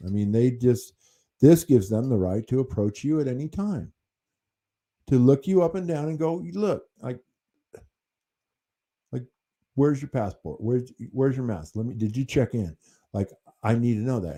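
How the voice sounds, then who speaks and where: A man's voice: on the low side, warm tone. An American man hosting a livestream, talking in an indignant, rambling way, full of fillers and restarts. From United States. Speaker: livestream host.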